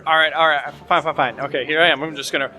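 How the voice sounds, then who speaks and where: A man's voice: a little high, steady tone, fast, sharp tone. A man in an improvised podcast skit, flustered and stammering through repeated words. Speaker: podcast co-host.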